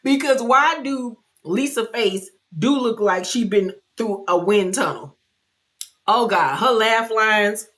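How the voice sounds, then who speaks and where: A woman giving a casual recap of a reality TV episode, loud and brash with slang and swearing, often laughing and jumping high in pitch for mock outrage. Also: slow. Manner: animated, loud, with frequent laughter.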